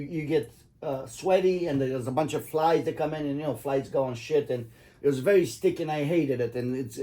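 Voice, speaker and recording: In a fairly high, mellow voice, a middle-aged man tells his kids stories in a casual, rambling manner. Swearing slips in, and he keeps laughing at his own tales.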